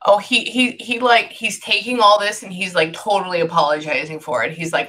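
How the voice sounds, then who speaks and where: Bright-voiced woman relaying messages as a medium. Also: medium pitch, fairly quick, hardly any pauses. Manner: breaks off often to listen, then relays quotes. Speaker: psychic medium. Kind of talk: reading session, relaying messages.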